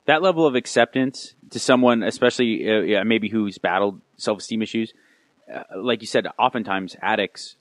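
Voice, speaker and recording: A man's voice: on the low side, no room sound. A man guesting on a podcast, talking in an earnest, reflective way and often stumbling and restarting mid-thought. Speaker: podcast guest, radio host. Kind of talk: casual reflective chat.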